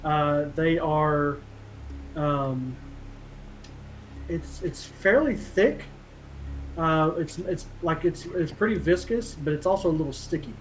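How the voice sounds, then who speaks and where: Slow-talking male game master. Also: fairly high pitch, a little hiss or hum, rough recording. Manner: unhurried, filler-heavy narration. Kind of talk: narrating a tabletop game.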